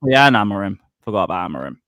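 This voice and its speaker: A man's voice: low voice, very animated, racing, crowd noise. A man hosting a live football stream, reading out donations and teasing the chat. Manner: reads donations, teasing banter. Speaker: channel host.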